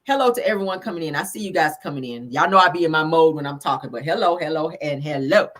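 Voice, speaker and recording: A woman talks through a show episode in a casual live recap, stopping often to check in with the people watching. Her voice sits a little low but comes across bright and forceful. She tells it like a story to friends. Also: animated, quick pace. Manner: chatty storytelling, checks in with listeners.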